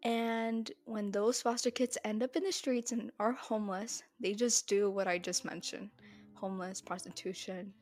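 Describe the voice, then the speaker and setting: Slow, heated young woman podcaster. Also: mid-range voice, darkish tone. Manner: heated, blunt, swears freely. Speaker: podcast host. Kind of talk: solo podcast monologue.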